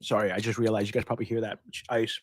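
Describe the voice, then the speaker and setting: A man's voice: fairly low pitch, flat delivery, very fast, a little hiss or hum. A man hosting a casual live-stream question and answer session, talking in a rambling, chatty way and laughing often mid-sentence into a close microphone. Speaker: host answering viewer questions. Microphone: close desk microphone.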